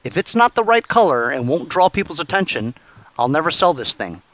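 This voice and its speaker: A man hosting his own repair vlog, chatting casually and thinking out loud as he works, with plenty of fillers and restarts. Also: a little high, very animated, brisk, dry recording. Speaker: channel host. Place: garage workshop.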